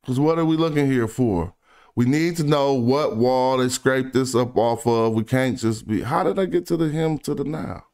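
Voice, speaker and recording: An independent researcher presenting online, a man with a speech pattern, talks through his work in a relaxed, off-the-cuff screen-share commentary. His voice is smooth and resonant at a middle pitch, and he reads passages slowly before trailing into low, quiet asides.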